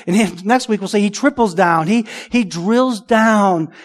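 A man's voice: sits high, measured pace. A man preaching a sermon as pastor, conversational and emphatic, often asking the congregation rhetorical questions.

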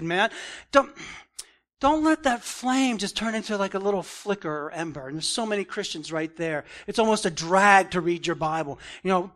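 A man's voice: high voice, lively intonation, moderate pace, fairly bright tone. A man preaching an expository Bible lesson, earnest and conversational, who keeps saying "man" and "right?" and rises in force on his emphatic points.

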